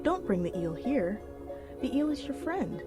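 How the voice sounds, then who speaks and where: A worried village mother in an animated folk tale, voiced by the narrator. She speaks firmly and protectively, with music playing behind her. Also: high voice, a little slow, voice pushed up.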